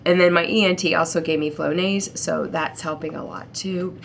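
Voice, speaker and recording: Stuffy-nosed woman with a gravelly low voice. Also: steady tone, moderate pace, slight background noise. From Ohio, United States. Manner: chatty, rambling, frequent ums. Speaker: vlogger. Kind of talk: casual vlog chat to camera.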